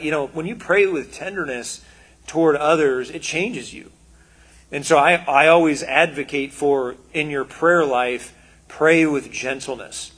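Guy preaching like he's just chatting, kinda husky, acts out little quotes. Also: a little high, unhurried. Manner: conversational, animated, with quoted asides. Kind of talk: casual sermon.

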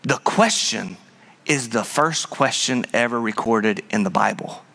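Animated male pastor, bright voice. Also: measured pace, vocal fry. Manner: animated, with sudden drops to a low hush; puts on mocking high voices. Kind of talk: sermon.

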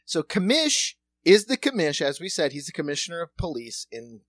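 A woman's voice: sits low, sing-song, moderate pace, no room sound. A woman co-hosting a podcast who recaps a TV show with lots of laughter, swearing and mocking asides. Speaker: podcast co-host. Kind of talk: casual comedic recap.

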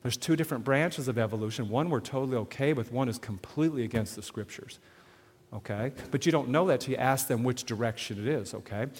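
A man preaching to a live audience on sharing faith, animated, often asking the crowd questions and checking in with "okay?". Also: medium pitch, fast talker, slight background noise. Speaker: evangelism speaker. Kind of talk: sermon-style teaching to an audience. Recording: long hall reverb.

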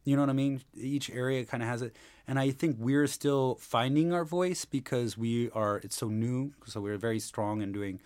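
A man's voice: mid-range voice, normal speed, a little mellow, smooth. A man chatting casually as a podcast guest, rambling and circling back often as he talks. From Seattle area, USA. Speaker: podcast guest, improv performer.

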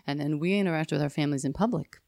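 A woman's voice: low voice, racing, vocal fry, a little mellow, no echo, studio quality. A woman in her thirties hosting a podcast, reflective and thinking aloud with lots of fillers. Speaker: podcast host. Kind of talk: podcast conversation.

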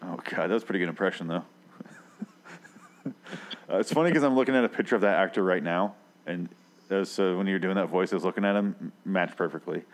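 A man's voice: low-pitched, quick pace. A man co-hosting a podcast, chatting casually in a crude, rambling, offhand way. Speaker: podcast co-host. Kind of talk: casual profane chat.

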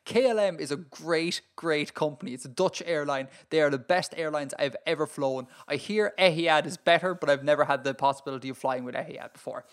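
Animated, ranting Irish man. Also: a little high, brisk, hardly any pauses. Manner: animated, ranting, laughs often. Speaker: podcast co-host. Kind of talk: casual chat.

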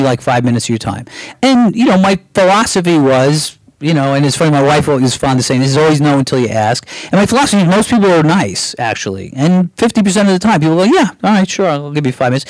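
A man's voice: mid-range voice, dry recording, rough recording. A middle-aged man from Brooklyn, telling candid stories as a guest in an interview, acting out the voices he quotes. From Brooklyn, New York. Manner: animated storyteller, acts out quoted voices, swears casually. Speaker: guest screenwriter.

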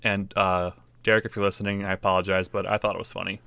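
A young man hosts a casual podcast, his voice sitting a little low. He trades jokes and teases his co-host. The sound is dry and close, with no room around it. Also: level tone, fast talker, gravelly, sharp tone, clear, resonant tone, no echo. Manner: jokey, teasing banter.

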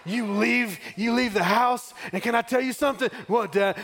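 A man's voice: extremely high pitch, moderate pace, few pauses. A middle-aged man from West Texas preaching a sermon, building call-and-response refrains and telling a family story. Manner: call-and-response, rising to shouts.

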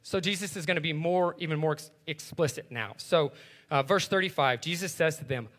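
A man teaching through a Bible passage in a relaxed, conversational way, often checking in with his listeners by asking "right?". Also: a little high, brisk.

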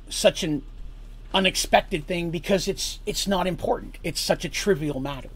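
A man's voice: on the high side, normal speed, fairly bright tone, breathy edge. A man narrating a tabletop story as game master, casual and explanatory, with frequent asides.

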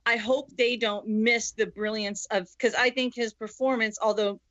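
A woman's voice: on the high side, steady tone, moderate pace, a bit bright, no room sound, lo-fi sound. A woman co-hosting a casual movie podcast, talking emphatically and gushing about actors. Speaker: podcast co-host.

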